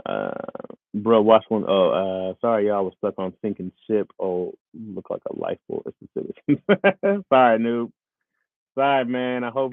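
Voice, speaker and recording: A man in his thirties chatting casually with viewers on a live stream. He is animated and laughs often. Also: a little fast, no echo. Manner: animated, laughs often, jumps into high voices. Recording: tinny phone-like, dry.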